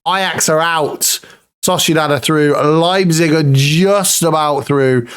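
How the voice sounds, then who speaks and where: A man commentating his own football management game, excitable and pleading at the screen, swearing now and then. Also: a little high, slow pace, clear, resonant tone. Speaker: gaming YouTuber.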